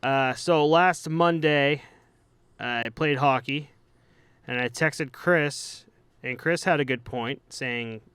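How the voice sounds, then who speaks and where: A man's voice: medium pitch, slow pace, a bit bright, smooth, dry recording. A man hosting a podcast, telling rambling anecdotes in a loose, casual way with some swearing. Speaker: podcast host.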